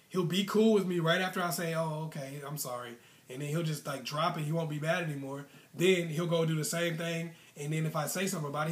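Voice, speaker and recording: A man talking straight to camera with relationship advice, his voice sitting a little higher than most men's. He chats loosely, full of ums and you-knows, and acts out what his clients told him. The room around him is noticeably echoey. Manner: conversational, retells clients' stories with many fillers. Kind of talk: casual advice monologue.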